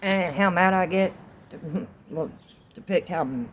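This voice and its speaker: A woman's voice: fairly low pitch, measured pace. A woman with a Southern US accent rambling through a casual, profanity-laced monologue outdoors in the wind. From Southern United States. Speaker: vlogger.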